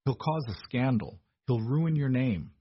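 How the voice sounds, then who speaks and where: A shivering, injured young woman speaks with fierce resolve , put on by a man reading the story. The voice is pitched well above his own and stays husky. The recording is dull and dry. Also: expressive, measured pace. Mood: worried.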